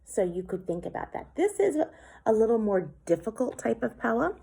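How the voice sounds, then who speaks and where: A woman teacher giving a slow, clear poetry lesson for children, sounding out words syllable by syllable. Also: on the high side, sing-song, warm tone.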